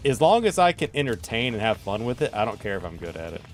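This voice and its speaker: Man, gaming streamer, casual chat, teasing, very lively pitch. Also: quick pace, soft background music. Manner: playful, teasing, animated. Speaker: streamer host.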